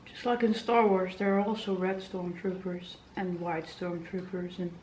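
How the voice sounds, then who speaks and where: A woman's voice: lowish voice, normal speed, darkish tone, slight background noise. A woman giving casual, blunt reaction commentary while watching a show. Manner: chatty, blunt, laughs easily. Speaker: YouTube reactor. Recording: roomy room with show music playing.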